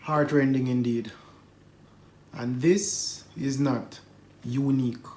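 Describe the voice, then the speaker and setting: A man hosting a news review channel talks steadily, leaning on rhetorical questions to make his point. His voice sits at a middle pitch. The room around him rings with plenty of echo. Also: steady tone, slow pace, warm tone, slight background noise. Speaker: YouTube news commentator. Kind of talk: commentary.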